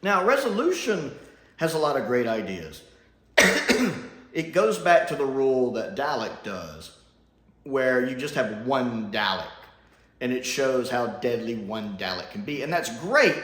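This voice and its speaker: A man's voice: medium pitch, big pitch swings, unhurried, fairly bright tone. A man giving a casual, profane review rant as a YouTube reviewer, swinging between scorn and delight. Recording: roomy room echo.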